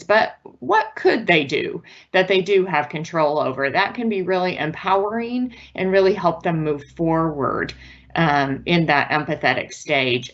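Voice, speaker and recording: A woman's voice: lowish voice, a bit bright, dull audio. A woman giving a virtual parenting presentation in an earnest, patient, instructive way. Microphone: video call.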